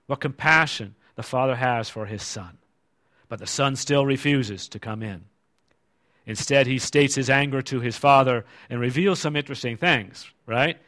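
A man's voice: medium pitch, normal speed, sharp tone. A male preacher giving a conversational sermon and asking the congregation rhetorical questions.

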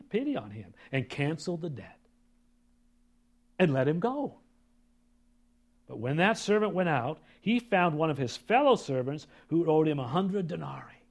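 Pastor guy preaching, reads the verses loud then drops way down for asides, kinda high voice. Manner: reads scripture aloud with asides to the congregation; swings from loud emphatic reading to low quiet remarks. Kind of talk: sermon.

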